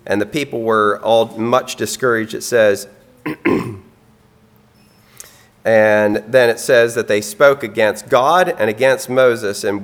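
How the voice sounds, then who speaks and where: A man preaching a sermon in an earnest, plain-spoken way, with frequent ums and some throat clearing. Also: fairly low pitch.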